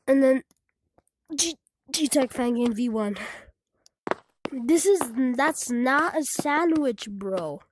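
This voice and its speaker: A game developer walks through her own game in casual commentary, thinking aloud, trailing off, restarting sentences and often dropping to a murmur. Her voice sits high and is expressive, slow and full of pauses, with slight background noise and loud background music.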